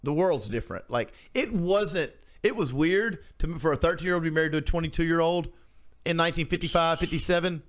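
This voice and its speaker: Rambling man, slightly high voice. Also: brisk. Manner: rambling, restarts sentences, acts out quoted voices. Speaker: podcast co-host. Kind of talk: casual chat.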